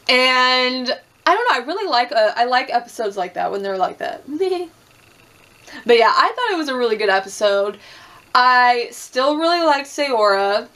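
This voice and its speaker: A woman's voice: fairly high pitch, expressive, moderate pace, fairly bright tone. A young woman chatting casually through a reality TV recap, swearing freely, acting out quotes and laughing often. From Puerto Rican and Cuban heritage.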